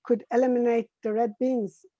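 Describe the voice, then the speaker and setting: A woman with a mellow, fairly high voice answers a question haltingly and restarts often. She sounds distant, dry and dull in the recording. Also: flat delivery, no room sound. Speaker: workshop participant.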